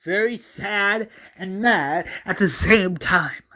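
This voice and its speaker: A man voicing an angry, grieving adult brother who yells and stammers. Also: high voice, slow pace, exaggerated voice. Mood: grieving anger. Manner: yelling, stammering, bitter.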